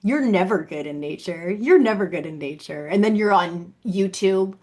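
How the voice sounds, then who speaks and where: A woman's voice: on the low side, moderate pace, darkish tone. A woman talking straight to the camera in a solo vlog, accusing and sarcastic, often mocking someone she addresses. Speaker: vlogger. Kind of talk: direct-to-camera monologue.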